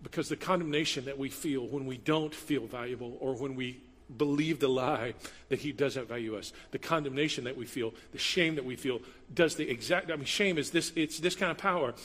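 A man preaches with a bright, forceful voice pitched a little high, his delivery animated as he swings between loud emphasis and quiet, close asides. The sound carries a long reverb, as though filling a large church hall. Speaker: pastor. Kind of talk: sermon.

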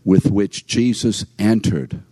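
A man's voice: lowish voice, lively intonation, slow pace, dark tone, husky, dry recording. An older man giving a sermon as a story, chatty and conversational, speaking straight to his listeners. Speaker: preacher.

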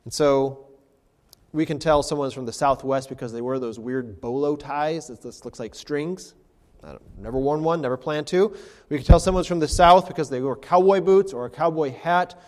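A man's voice: a little high, normal speed, a little mellow, in a large hall. A man, a pastor, preaching an expository sermon with rhetorical questions.

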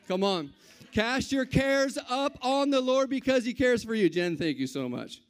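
A man with a high voice preaches a sermon to his congregation. He talks to them conversationally and rises into bold, confident declarations. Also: expressive, unhurried, clean tone. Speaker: pastor.

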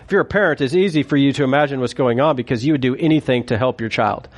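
A man's voice: medium pitch, fast. A man preaching a sermon in a conversational, joking way, acting out quotes as he goes. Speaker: pastor.

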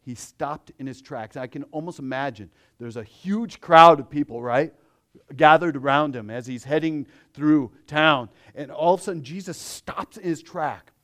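A man preaching a sermon, dropping to a hush and then rising loud, acting out the voices of the crowd. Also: on the high side, moderate pace. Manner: dramatic swings from hushed to loud.

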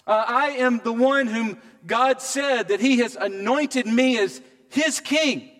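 Guy doing a proud boasting king, high voice, roomy hall echo. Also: takes it slowly, fairly bright tone, heavily acted. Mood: boastful. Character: boastful victorious ancient king, proud warrior.

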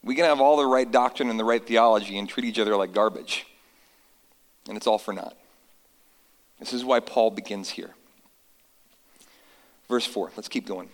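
Earnest pastor preaching in a reverberant hall. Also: male voice, on the low side. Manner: earnest, storytelling with slow emphatic scripture reading. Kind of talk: sermon.

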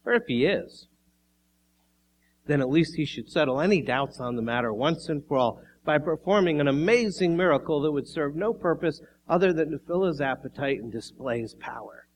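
A man's voice: fairly high pitch, lively intonation, slight background noise, poor audio. Man preaching a sermon. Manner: measured preaching with emphatic rises. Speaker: pastor.

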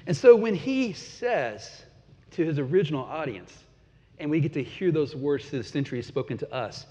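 A man preaching a sermon in a relaxed, conversational way, chuckling now and then and sometimes repeating words. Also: a little high, moderate pace. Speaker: pastor. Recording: dull lo-fi sound with long hall reverb.

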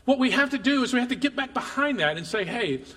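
Bright-voiced pastor in a reverberant hall. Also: male voice, very high-pitched, animated, fast talker. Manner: conversational, repeats words, addresses congregation directly. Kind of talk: sermon. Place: church sanctuary.

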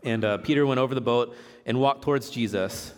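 Man, casual sermon, chatty and joking, mid-pitched voice, long hall reverb. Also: brisk, clean tone. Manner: relaxed, chatty, jokes and laughs while teaching. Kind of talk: casual sermon with scripture reading.

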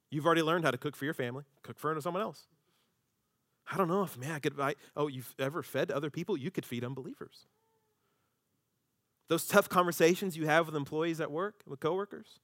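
A man preaching a sermon as a pastor, conversational and humorous, animated and shifting his voice when he acts out quotes. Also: on the high side, no echo, clean studio sound.

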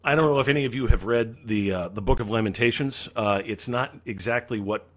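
A man's voice: fairly low pitch, brisk. A man preaching a sermon as pastor, earnestly acting out the psalmist's pleas.

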